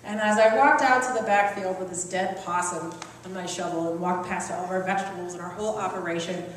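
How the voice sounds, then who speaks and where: A woman telling a lively, self-mocking comic story to a live audience. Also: on the low side, quick pace, slight background noise. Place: large hall at a live evening event. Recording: echoey hall from far off.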